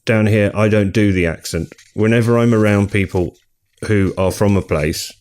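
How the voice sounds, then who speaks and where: A middle-aged man with a fairly low voice hosts a relaxed book podcast. He chats easily and keeps the conversation moving with questions. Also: moderate pace. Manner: chatty, leads the discussion with questions. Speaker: podcast co-host. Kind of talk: casual podcast chat.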